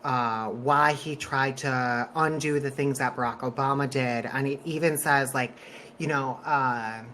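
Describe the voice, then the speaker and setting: Guy podcast co-host, chatty and animated, laughs a lot, swears casually. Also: medium pitch, unhurried, a little hiss or hum.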